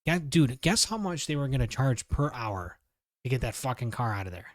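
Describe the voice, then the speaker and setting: A young man telling a wild story on a podcast, swearing freely and throwing himself into the other people's voices. His voice sits at an ordinary pitch. The sound is close and dry. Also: big pitch swings, brisk, no room sound. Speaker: podcast co-host. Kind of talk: casual storytelling chat.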